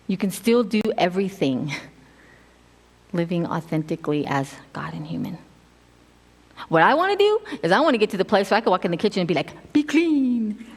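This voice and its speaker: A middle-aged woman giving a casual sermon, telling stories in an animated way and acting out quotes with laughs. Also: lowish voice, a little fast, long pauses. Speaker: preacher. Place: church sanctuary. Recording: long hall reverb.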